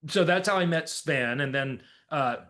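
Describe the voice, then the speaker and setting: A man's voice: on the high side, normal speed, fairly bright tone. A man telling a long story as a podcast guest, casual and rambling, with lots of fillers and laughs.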